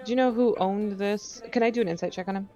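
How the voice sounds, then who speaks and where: A woman's voice: mid-range voice, fast talker, mellow, highs cut off, soft background music. Casual woman player at the table. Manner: casual, with hesitant restarts. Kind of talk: playing a tabletop game.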